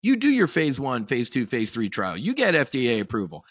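A man's voice: medium pitch, wildly swooping pitch, a little fast, a bit bright, no echo, dull audio. A man mocking a smug, chuckling drug-company boss in a raised, taunting voice.

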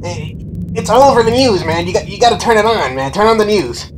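Mister Ghostface, a man putting on a high, pushy gossip. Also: animated, background noise. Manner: fast, pushy, breathless chatter. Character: excitable gossiping masked man in a costume.

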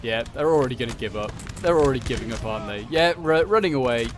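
Fast and lively in intonation, a man with a mid-range voice offers casual commentary on a strategy game fight. His delivery is chatty and meandering, with frequent "like" and "uh."

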